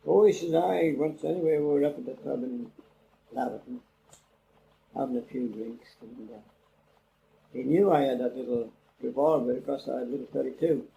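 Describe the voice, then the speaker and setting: A man's voice: medium pitch, moderate pace, vocal fry, long pauses, mellow, poor audio. An older man, telling a rambling oral-history story and acting out the dialogue. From England. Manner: rambling, acts out quoted dialogue. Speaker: interviewee. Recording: old cassette interview with faint hiss.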